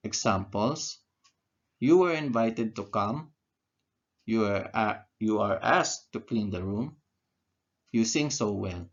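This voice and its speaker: A man's voice: lowish voice, animated, takes it slowly, long pauses, dull audio. A man teaching an English grammar lesson, who asks questions and answers them himself and repeats key words. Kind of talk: slow, deliberate grammar lesson.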